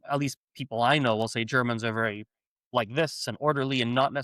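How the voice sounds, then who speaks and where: A man's voice: medium pitch, a bit bright, no echo, clean studio sound. A man hosting a podcast in casual conversation, talkative and giving long examples from personal experience. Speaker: podcast host.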